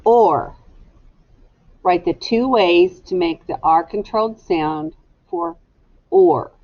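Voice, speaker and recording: A woman's voice: lowish voice, animated, no room sound, lo-fi sound. A woman teacher dictating a spelling test to young students, sounding out each word syllable by syllable. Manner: slow, deliberate, sounds words out syllable by syllable.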